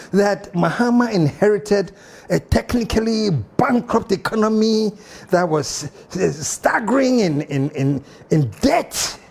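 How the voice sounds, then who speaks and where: A man with a Ghanaian English accent hosting a political commentary show, emphatic and animated with mocking asides. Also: fairly high pitch, slight background noise.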